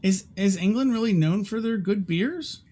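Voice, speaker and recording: A man's voice: high-pitched, expressive, moderate pace, dark tone. A man co-hosting a casual livestream chat, reading viewer comments aloud and laughing often. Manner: laughs often, self-deprecating. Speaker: livestream co-host.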